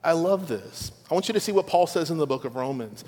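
A man's voice: on the high side, lively intonation, fast talker, darkish tone. A middle-aged man preaching a conversational sermon to his church, with playful asides to the congregation. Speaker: pastor. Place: large church auditorium. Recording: long church hall reverb.

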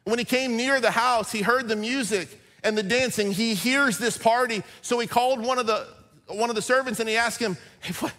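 A man with a high voice preaching in a church, his words trailing off into a long reverb. He swings from loud, punchy lines to hushed, drawn-out emphasis, with casual folksy asides. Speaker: pastor. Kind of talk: sermon. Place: church sanctuary.

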